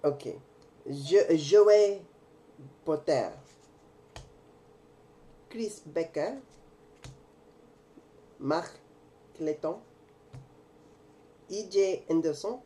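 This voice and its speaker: A man's voice: a little high, extremely slow, pauses often, dark tone. An American man hosting a casual card-opening video, joking around in a put-on mock French accent. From United States. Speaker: card-breaking video host.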